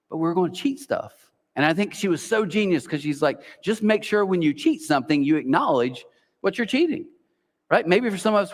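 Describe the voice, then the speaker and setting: A man in his forties, a pastor giving a conversational sermon full of personal stories, rambling casually and saying "like" and "literally" a lot. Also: a little high. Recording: long reverb of a church hall.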